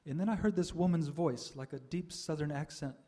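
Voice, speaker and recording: Older male storyteller, mellow and slightly raised pitch, reflective, halting pauses. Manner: reflective, with frequent "uh" pauses and soft laughs. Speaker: speaker sharing a spiritual life story. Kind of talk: personal testimony talk.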